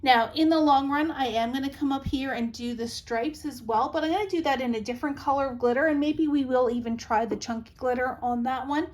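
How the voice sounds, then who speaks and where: A woman's voice: sits high, a little fast, hardly any pauses. A middle-aged woman hosting a craft tutorial, chatty and reassuring as she gives practical tips step by step.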